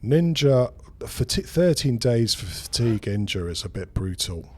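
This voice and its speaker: A man's voice: mid-range voice, very animated, moderate pace, slightly rough. A man streaming a strategy game who talks through his moves in rambling, casual commentary and swears freely.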